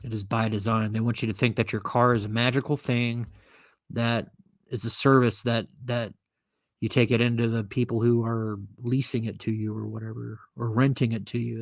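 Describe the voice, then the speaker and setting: A man's voice: mid-range voice, steady tone, normal speed, no echo, studio quality. A man hosting a podcast and ranting alone, sarcastic, profane and indignant as he reads from and mocks an article. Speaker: podcast host. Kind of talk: solo commentary rant.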